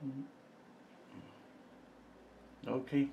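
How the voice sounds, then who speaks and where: A middle-aged man giving a live painting lesson, thinking aloud as he works, pausing often and chatting with viewers between steps. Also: dull audio, slight background noise. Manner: relaxed, thinking aloud while he paints, with frequent pauses and fillers. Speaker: painting instructor.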